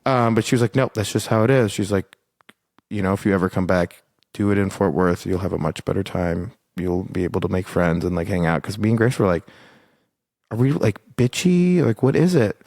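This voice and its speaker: A man's voice: sits low, fairly even intonation, a little fast, darkish tone, no room sound, clean studio sound. A young man co-hosting a podcast, telling a rambling casual story, full of "like" and swearing. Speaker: podcast co-host. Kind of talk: casual chat.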